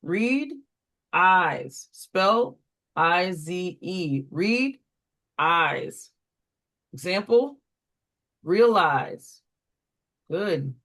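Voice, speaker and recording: A reading tutor runs a phonics walkthrough at an unhurried pace, giving short, deliberate prompts. Each word is spelled out and then given an example, with the occasional quicker aside to explain how to run the drill. The voice sits at a middle pitch. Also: lively intonation, fairly bright tone. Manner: slow, deliberate call-and-response prompting.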